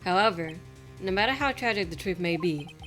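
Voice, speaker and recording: Cool formal prosecutor guy read by a woman, measured, game music behind. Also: lowish voice, lively intonation, a bit bright. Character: cool, composed young male prosecutor.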